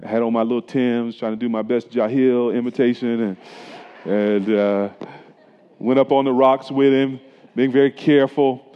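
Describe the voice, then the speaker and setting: A man's voice: medium pitch, fairly even intonation, normal speed, clear, resonant tone. A middle-aged man preaching a sermon as a pastor, in a conversational style that weaves in personal stories. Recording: dull lo-fi sound with long hall reverb.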